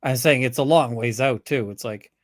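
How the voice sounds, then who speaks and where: Deadpan male guest on a dry mic. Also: mid-range voice, normal speed, no room sound. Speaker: lawyer guest. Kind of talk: casual panel chat.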